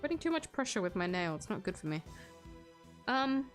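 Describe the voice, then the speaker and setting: A woman's voice: mid-range voice, big pitch swings, a little fast, pauses often, faint music behind. Chatty Australian woman streamer. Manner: chatty, giggly, many fillers. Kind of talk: casual chat while live-streaming a game.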